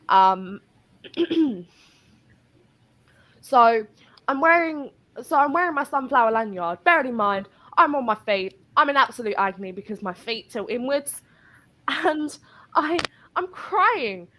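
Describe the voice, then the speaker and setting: A woman's voice: a little high, bright, forceful tone. A woman telling a work story in casual chat, rambling and swearing as she goes.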